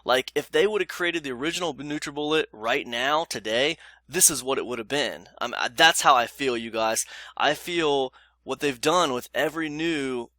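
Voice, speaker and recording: Bright-voiced man chatting about blenders. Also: medium pitch, lively intonation, moderate pace, no echo. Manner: chatty, loose, lots of fillers, addresses viewers as "you guys"; emphatic, repeats points. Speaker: YouTube blender reviewer. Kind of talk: casual product review vlog.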